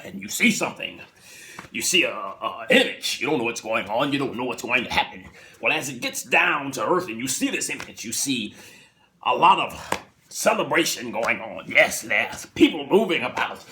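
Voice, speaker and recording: A man casually retelling a TV episode in a chatty, animated way, laughing often, recorded on a phone. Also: lowish voice, moderate pace, slight background noise.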